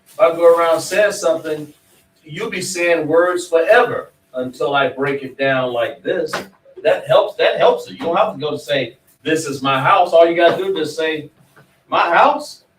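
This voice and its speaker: A man teaches a class with a preacher's emphasis, firing questions at his students. His voice sits a little high. He sounds distant from the mic in a roomy, echoing space. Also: moderate pace, slight background noise. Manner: emphatic, quizzes students directly. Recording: echoey room, mic far off.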